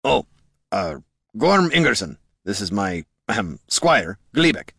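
A man doing a gruff muttering warrior. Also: lowish voice, big pitch swings, unhurried, a bit bright, dry recording, clean studio sound, heavily acted.

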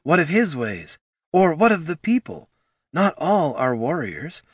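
A man doing an orc woman, calm, soft-spoken, measured, storybook. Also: fairly high pitch, slightly rough, no room sound, studio quality, voice pushed up, heavily acted. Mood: earnest. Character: calm, steady older orc sister.

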